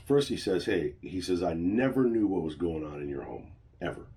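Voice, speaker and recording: A man's voice: sits low, lively intonation, quick pace, few pauses, mellow. A middle-aged man telling a personal story in a blunt, swearing, venting way. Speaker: channel host. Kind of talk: personal vlog monologue.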